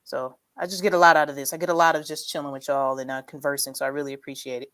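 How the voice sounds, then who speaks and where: A woman with a slightly low voice hosts a relaxed livestream chat and reads viewer comments aloud. She talks in an animated way and laughs often, calling her audience "y'all". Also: racing, few pauses. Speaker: livestream host.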